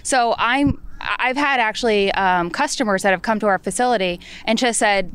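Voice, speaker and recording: A woman who owns an escape room business, talking enthusiastically on a live panel on an outdoor deck, quick to laugh. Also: mid-range voice, fairly bright tone, clean tone. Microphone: panel mic.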